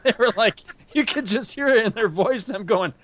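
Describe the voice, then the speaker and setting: A man's voice: sits high, moderate pace. A man retelling school-day memories with old friends, swearing and laughing through the stories. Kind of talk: casual reminiscing. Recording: noisy background.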